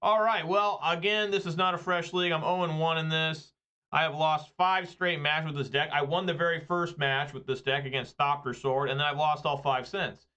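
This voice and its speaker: A man's voice: on the high side, steady tone, normal speed, bright, forceful tone, smooth. Man, chatty gameplay commentator, slightly lo-fi mic. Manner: rambling, joking, chatty. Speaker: gaming video creator.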